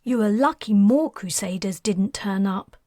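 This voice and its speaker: Woman doing a stern, scolding mother, breathy and a touch raised. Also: mid-range voice, measured pace, warm tone, no echo, clean studio sound, close to an everyday voice. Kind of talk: audiobook character voice.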